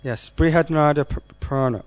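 A man giving a scripture class, speaking in a measured way and asking the audience questions. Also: on the high side, darkish tone.

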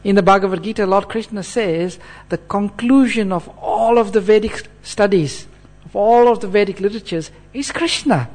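A man with a high-pitched voice gives an earnest sermon on scripture. He checks in with his listeners as he talks, asking them short questions. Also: normal speed, hardly any pauses, a little mellow. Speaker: preacher giving a scripture class.

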